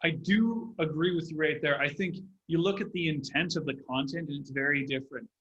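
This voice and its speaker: A man talks through a critique of political speeches in a measured, analytical way. His voice sits a little high and sounds bright and forceful. The room around him rings with echo. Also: lo-fi sound. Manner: measured, acts out phrasings to make a point. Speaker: public speaking commentator. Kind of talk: analytical discussion.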